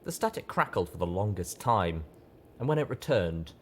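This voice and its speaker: Deep-voiced male audiobook narrator. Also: slight background noise. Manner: steady, measured storytelling. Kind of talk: first-person story narration.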